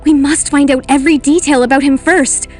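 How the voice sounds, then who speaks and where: A woman narrating in the first person as a brave, sarcastic teenage schoolgirl in an animated story. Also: sits high, a little fast, faint music behind, lightly acted. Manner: sarcastic, determined.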